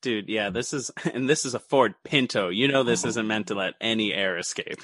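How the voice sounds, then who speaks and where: A man co-hosting a podcast, chatting about a film, animated and swearing freely as he mocks the characters. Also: fairly low pitch, normal speed, dry recording. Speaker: podcast co-host. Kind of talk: casual chat recapping a film.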